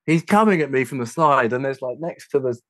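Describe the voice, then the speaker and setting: Animated man telling a backstage story. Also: mid-range voice, a little fast, no room sound. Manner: animated anecdote telling, laughs while talking, swears freely. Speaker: guest, sound engineer and tour manager. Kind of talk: casual storytelling chat.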